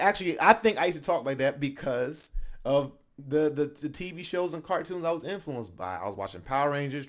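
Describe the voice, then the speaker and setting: A young man hosting his channel, reacting in casual commentary, conversational and laughing often as he makes his points. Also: mid-range voice. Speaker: channel host reacting to a video.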